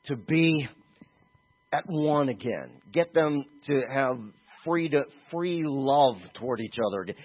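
Male preacher with a husky voice, animated delivery from soft to emphatic, thin phone-like recording. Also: mid-range voice. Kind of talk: sermon. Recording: tinny phone-like audio.

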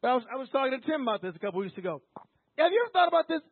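A man's voice: very high voice, very animated, very fast, breathy edge. A man preaching an emphatic, repetitive sermon, often acting out quoted voices. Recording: tinny phone-like line, dry.

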